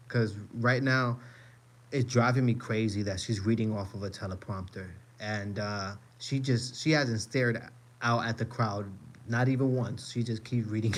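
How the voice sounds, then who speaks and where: A man hosting a live stream, reacting to a rally in an emphatic, repetitive, profane rant while addressing his viewers directly. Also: lowish voice.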